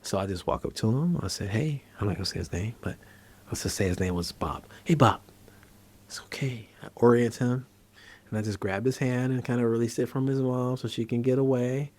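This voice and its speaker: Here the psychiatrist host speaks briskly at a medium pitch. In a chatty, storytelling way he describes a treatment and anecdotes from his practice, growing animated as he performs the scenes.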